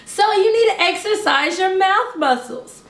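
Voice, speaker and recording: High-voiced woman teaching slowly. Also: lively intonation, a bit bright, reverberant. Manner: slow, over-enunciated, upbeat teaching delivery. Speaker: parenting educator, preschool teacher. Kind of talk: instructional talk to camera.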